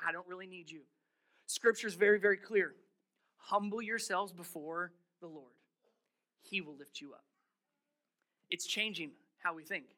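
Animated high-voiced male pastor preaching. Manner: animated, playful, with acted-out quotes. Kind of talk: sermon.

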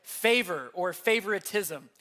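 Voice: mid-range voice, expressive, unhurried, pushed and bright. A pastor teaching a sermon in an earnest way, repeating key points and asking the audience questions. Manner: asks the audience rhetorical questions.

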